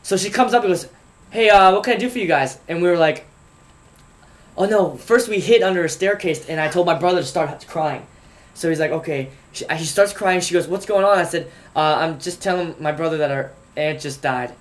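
High-voiced joking male co-host. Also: a little fast. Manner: animated, joking storyteller. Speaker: podcast co-host. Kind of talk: casual storytelling chat.

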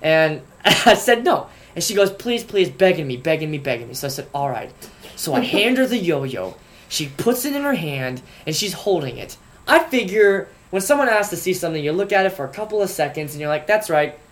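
A young man in college telling a funny story in casual chat, animated and rising to outraged bursts. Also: on the high side, brisk. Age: young adult. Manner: animated storyteller, voice jumps up when acting outraged.

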